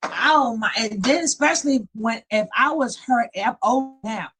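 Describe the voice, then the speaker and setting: A woman's voice: fairly high pitch, a little slow, a bit bright. A middle-aged woman giving dramatic, exclamatory reaction commentary as a streamer.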